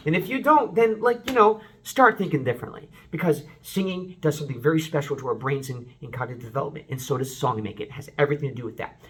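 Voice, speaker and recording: A man giving a casual, unscripted songwriting lesson to camera, excitable and rambling, breaking into short sung examples. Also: a little high. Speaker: vocal coach.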